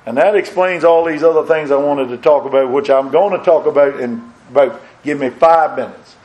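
A man's voice: a little high, brisk, a little mellow, rough recording. An older man preaching a sermon in a folksy way, asking his congregation questions and rising to emphatic peaks. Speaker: pastor.

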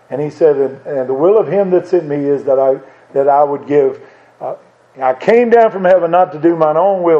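A man preaches a sermon in a slightly high, mellow voice, asking the listeners question after question and quoting old scripture. The sound is dull and lo-fi. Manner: earnest, rhetorical questions, quotes King James scripture.

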